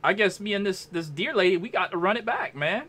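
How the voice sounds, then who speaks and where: A young man commentating his own gameplay, trash-talking a boss with loud yelps and exclamations. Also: high-pitched, lively intonation, brisk, faint music behind. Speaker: gamer playing a boss fight.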